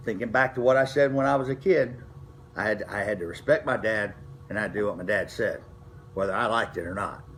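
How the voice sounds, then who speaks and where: A man's voice: medium pitch, fairly bright tone. A middle-aged man, telling racing stories from his past in a folksy, rambling way, full of restarts. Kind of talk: casual storytelling to camera.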